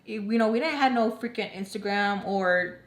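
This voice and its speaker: Her voice sits in the mid range and moves at a moderate pace. She's a young woman vlogging a personal story in a chatty way, saying "like" constantly, talking to "you guys," and mixing in Spanish words, all recorded in an echoey room.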